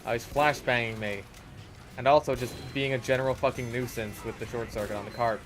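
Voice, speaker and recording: Swearing gamer man, casual and loud. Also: mid-range voice, steady tone, fairly quick, faint music behind. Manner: swears a lot, bursts into loud exasperated yelling. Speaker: gaming video creator. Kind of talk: casual gameplay commentary.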